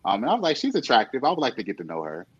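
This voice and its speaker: A man in casual chat, telling an animated story full of quoted dialogue and laughter. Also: mid-range voice, rapid-fire, breathy edge, dull audio.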